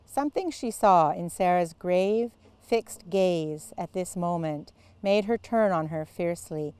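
A woman reads a classic children's novel aloud in a measured, expressive way. Her voice sits a little low and sounds smooth and clear. The recording is close and dry. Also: dry recording. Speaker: author and creative writing lecturer.

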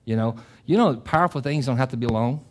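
A middle-aged man preaching a sermon as pastor. He talks with passion, often repeats and restarts phrases, and climbs to loud, emphatic peaks. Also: mid-range voice, a little fast. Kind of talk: sermon with closing prayer.

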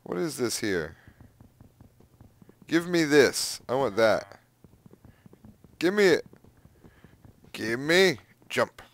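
A young man giving casual, excitable gameplay commentary, exclaiming and humming to himself. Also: medium pitch, drawn-out words, pauses often. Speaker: gaming youtuber.

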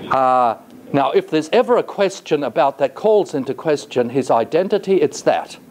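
Animated male lecturer, rhetorical questions. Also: a little high, moderate pace, a little hiss or hum. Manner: asks the class rhetorical questions; thoughtful, with frequent hesitations. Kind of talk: classroom lecture. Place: college lecture room.

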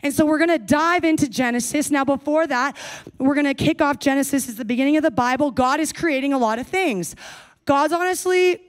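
A woman's voice: sits high, fairly quick. Playful young woman preaching. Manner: casual and playful, with jokey asides. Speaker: speaker at a young adults service. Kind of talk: sermon.

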